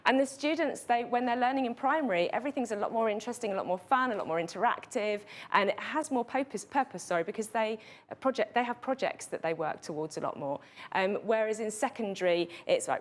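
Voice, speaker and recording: A woman's voice: medium pitch, fairly quick, hardly any pauses. A woman with a British accent, a computing curriculum specialist answering questions in a panel discussion in an earnest, explanatory way.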